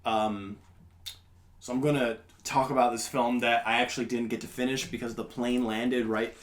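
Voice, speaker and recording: A young man in easy, casual conversation as a podcast host, rambling along with plenty of ums and restarts. His voice sits at an ordinary middle pitch, relaxed and unhurried. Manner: rambling, laid-back, lots of fillers. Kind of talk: casual chat.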